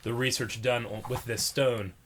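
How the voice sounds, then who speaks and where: A young man hosting a reaction show, chatting casually and thinking out loud with laughs. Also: medium pitch, fairly even intonation, moderate pace, a little hiss or hum. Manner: loose, laughing, thinks aloud. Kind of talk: casual chat.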